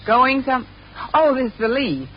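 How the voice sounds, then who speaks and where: A woman's voice: sits high, sing-song, measured pace, lo-fi sound. A woman playing a wisecracking schoolteacher in a 1950s radio sitcom, with a playful, flustered manner. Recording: old radio broadcast with live audience laughter and hiss.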